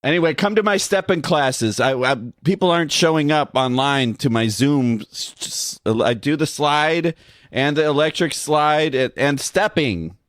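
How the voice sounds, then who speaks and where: A man's voice: a little high, unhurried, fairly bright tone, dry recording, studio quality. A man co-hosting a podcast in casual banter, joking and riffing playfully. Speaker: podcast co-host.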